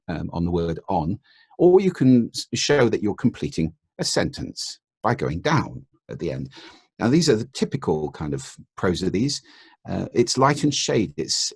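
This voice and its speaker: A man speaks as an interview guest in a very low register, his voice gravelly with a husky edge. He explains in a measured, patient way and shows intonation with his own voice. The sound is dry and close. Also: no room sound. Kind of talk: podcast interview.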